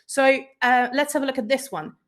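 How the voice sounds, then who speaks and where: A woman's voice: high-pitched, brisk. A woman whose first language is Polish, giving a conference talk on pronunciation to teachers, explaining patiently and checking in often. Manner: explanatory, checks in with frequent "right?". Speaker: teacher trainer.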